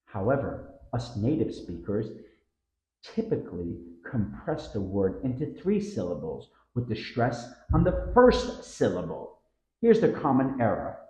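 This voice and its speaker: A pronunciation teacher narrates a scripted lesson, speaking model words slowly and drawing them out with stressed syllables. His medium-pitched voice has a warm tone, and the reverberant recording has its highs cut off.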